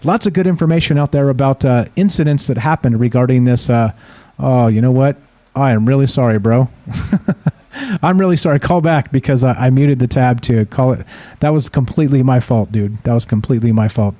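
A man's voice: medium pitch, fairly quick, dark tone, no echo. A man hosting a live call-in radio show, talking casually and reading stories aloud, rambling with many fillers and restarts.

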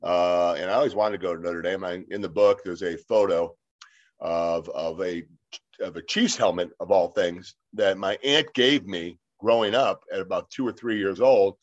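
Man, fifties, low voice, rambling anecdotes, filler words, a bit muffled. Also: fairly even intonation, moderate pace. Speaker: interview guest. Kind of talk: casual storytelling. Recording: slightly dull lo-fi sound.

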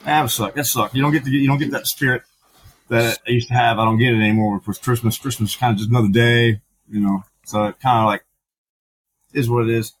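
A man's voice: medium pitch, fairly even intonation, quick pace, slight background noise, rough recording. A middle-aged man, a podcast guest, telling his story candidly, with frank, profane talk full of fillers and restarts.

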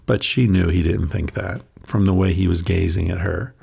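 Low gravelly man narrating a story. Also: fairly even intonation, moderate pace, darkish tone. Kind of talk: audiobook narration of a short story.

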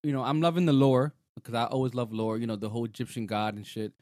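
A man co-hosting a casual show chat, talking in an animated, rambling way with lots of fillers. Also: mid-range voice, fast talker, dry recording, clean studio sound. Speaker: podcast co-host. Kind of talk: casual chat reviewing a TV episode.

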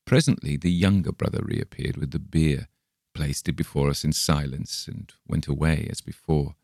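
A man with an extremely deep voice reads a Victorian tale aloud in a steady, measured way. The recording is dry and close, with no room sound around him. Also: gravelly, dry recording. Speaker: audiobook reader. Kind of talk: scripted narration.

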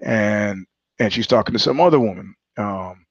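Rambling low-voiced man telling a story. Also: moderate pace, no room sound, lo-fi sound. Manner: digressive, profane, laughs mid-sentence. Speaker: podcast host.

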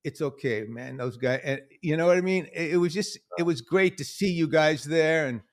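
A man hosting a podcast, chatting casually and telling animated stories, acting out the lines of the people he quotes. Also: a little high, moderate pace. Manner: animated storyteller, acts out quotes in other voices. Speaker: podcast host. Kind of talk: casual conversation.

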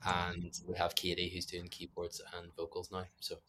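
Young man, Northern Irish accent, low voice, level tone, casual rambling interview chat. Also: completely flat delivery, moderate pace, bright, forceful tone, a little hiss or hum. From Northern Ireland. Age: young adult. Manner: rambling, self-deprecating, many fillers. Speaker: musician guest.

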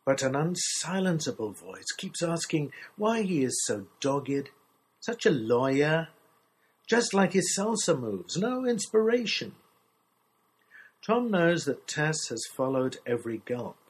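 A man reading a literary short story aloud in a measured, expressive storytelling manner. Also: fairly high pitch, slightly rough, rough recording. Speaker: story reader.

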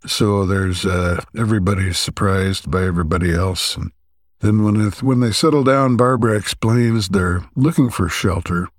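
A man with a fairly low voice walks through a story's plot as a podcast co-host. He talks casually, pausing often to find his words. The sound is dry and close, with no room echo. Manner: relaxed, halting, with frequent "uh" pauses.

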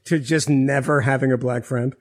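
A man co-hosting a podcast, chatting casually with quick, laughing, profane banter. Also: mid-range voice, fairly even intonation. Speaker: podcast co-host. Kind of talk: casual chat.

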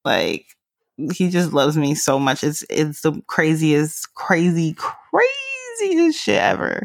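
A young woman hosts a laid-back podcast chat and keeps teasing and laughing. Her voice sits low with a gravelly fry and jumps around a lot in pitch. The sound is dry and close. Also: big pitch swings, a little slow, no room sound. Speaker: podcast host. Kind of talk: casual chat.

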